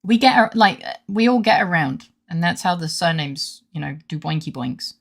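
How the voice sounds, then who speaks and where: A woman's voice: lowish voice, animated, normal speed, gravelly, hardly any pauses. A woman streaming a game, joking casually with her chat and reading game lines aloud between giggles. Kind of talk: casual gaming stream commentary.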